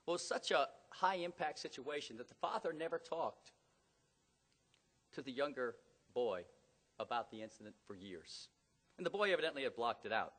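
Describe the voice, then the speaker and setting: A middle-aged man preaching a sermon in a church, telling stories dramatically and rising to loud emphatic peaks. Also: medium pitch, expressive, moderate pace, long pauses. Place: church hall. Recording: long hall reverb.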